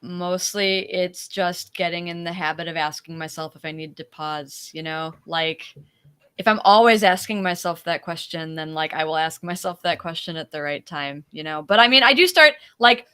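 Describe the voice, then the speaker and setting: Crisp bright woman with vocal fry. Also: lowish voice, moderate pace. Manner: relaxed, filler-heavy, says like a lot. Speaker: speaker. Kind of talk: casual chat. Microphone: remote video call.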